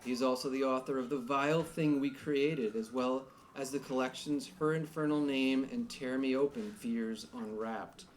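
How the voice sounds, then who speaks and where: A man from Long Island, New York, hosting a live reading series in a bar, joking and energetic with the audience. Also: medium pitch, moderate pace, few pauses. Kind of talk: live event emcee. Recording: noisy bar with crowd. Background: crowd chatter and noise.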